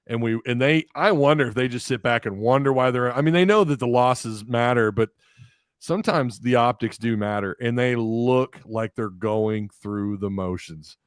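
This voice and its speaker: A man hosting a casual sports talk show, animated and quick to laugh. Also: medium pitch, clear, resonant tone, no echo, studio quality. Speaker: podcast host.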